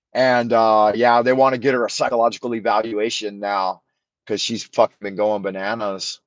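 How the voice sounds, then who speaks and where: A man's voice: medium pitch, fairly bright tone, no room sound, rough recording. Rambling, profane man telling a story. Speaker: show host. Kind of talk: casual storytelling.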